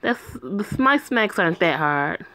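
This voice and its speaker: A woman's voice: lowish voice, expressive, a little slow, a bit bright, dry recording. A woman voicing a mischievous young girl who teases and coaxes her little sister. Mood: teasing. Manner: teasing, pleading.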